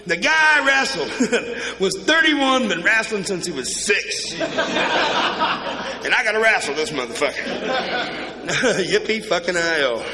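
Profane stand-up comic, high and lively. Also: male voice, slow pace, pauses often, very noisy. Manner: crude, profane storytelling with quoted voices. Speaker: stand-up comedian. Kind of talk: stand-up comedy set. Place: comedy club stage before a live audience. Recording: live club recording with crowd and reverb.

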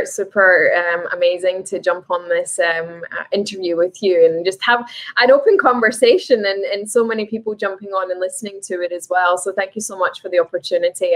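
A woman's voice: mid-range voice, rough recording. Scottish woman chatting as a guest. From Scotland. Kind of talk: casual interview chat.

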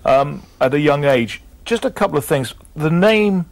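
A man's voice: fairly high pitch, lively intonation, moderate pace. A man interviewing a guest, asking hesitant, prompting questions.

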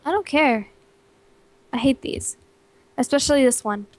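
A woman's voice: sits high, unhurried, darkish tone, dry recording. A young woman playing a game with a partner, chatting casually and grumbling sulkily. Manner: sulky, grumbling. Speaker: co-op player. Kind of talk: casual gameplay banter.

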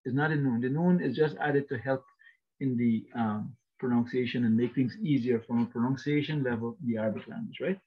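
Husky man teaching, checking "right?". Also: medium pitch, fairly quick, highs cut off. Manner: explains patiently, repeats phrases, checks with "right?". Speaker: Arabic teacher. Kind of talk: recorded lecture.

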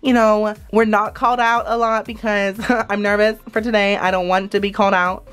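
A woman voicing an excited young queen doll in a toy skit, talking with lots of "like". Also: medium pitch, moderate pace, background noise, lightly acted. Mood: nervous. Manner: valley-girl speech full of "like".

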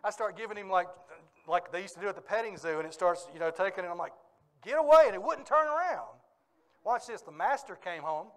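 A male pastor preaching a sermon in a church, telling stories with lively energy and bursts of laughter. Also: sits high, fast. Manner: animated storytelling with bursts of laughter. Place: church sanctuary.

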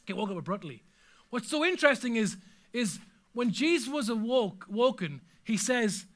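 A man's voice: very high voice, big pitch swings, normal speed, fairly bright tone. A man preaching a sermon as pastor, telling stories with humor and animation.

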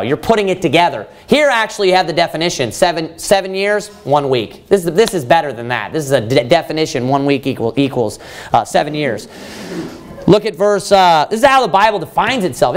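A man preacher giving a verse-by-verse sermon, animated and conversational, often restarting his sentences. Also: sits high. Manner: animated, with frequent restarts and rising emphasis.

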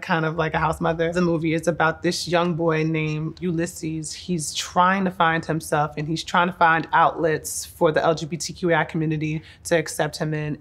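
A woman in her thirties from Newark, New Jersey, talking through her acting career in a casual, heartfelt and playful way. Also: sits low. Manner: effusive and heartfelt, with playful asides. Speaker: actress.

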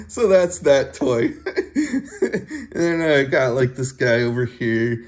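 A man casually showing off his toy collection, giggling often and talking haltingly with many fillers and restarts. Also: mid-range voice, sing-song. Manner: giggly, laughs often between phrases. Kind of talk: casual show-and-tell video.

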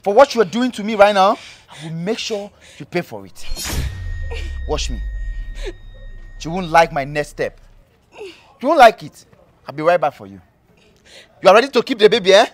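A man's voice: high voice, very animated, normal speed, long pauses. A man playing a cruel, spiteful husband who threatens his pregnant wife, taunting with mocking questions. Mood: menacing. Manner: taunting, menacing, tag questions "eh?". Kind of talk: web skit drama acting.

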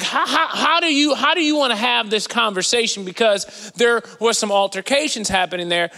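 A man preaching in a large church, his voice riding high and sounding bright and forceful. He talks in an animated, conversational way and swings between loud bursts and hushed asides. Long reverb from the big hall trails after his words. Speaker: guest preacher. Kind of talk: sermon.

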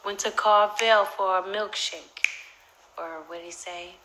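A young woman telling a story on a phone livestream, animated and profane, swinging between loud outbursts and whispered asides. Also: mid-range voice, unhurried, a little hiss or hum, low-quality recording. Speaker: social media personality on a livestream.

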